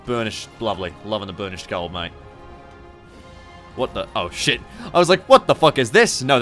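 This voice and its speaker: In casual strategy game commentary, a young gaming channel host from Australia rambles along, cursing and making mocking side remarks. He speaks in a mid-range voice with a fairly bright tone.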